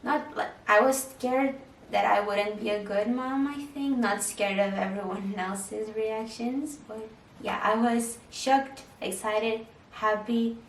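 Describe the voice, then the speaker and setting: A woman's voice: a little high, steady tone, slow, reverberant, distant mic, slight background noise, poor audio. A young woman chatting candidly to camera, answering viewer questions about motherhood and marriage. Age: young adult. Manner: candid, chatty, with frequent "like" fillers. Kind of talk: casual Q&A chat.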